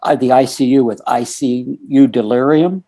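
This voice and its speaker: He speaks at medium pitch and normal speed, steady and mellow. This American man in his sixties is a podcast guest telling a long story in a storytelling interview, retelling conversations with many quoted lines.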